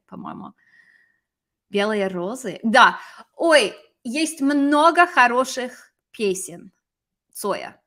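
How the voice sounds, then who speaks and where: A woman teaching a language lesson on a live stream, lively and chatty, answering viewers as she explains. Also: medium pitch. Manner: lively, switches between English and Russian, chats with viewers.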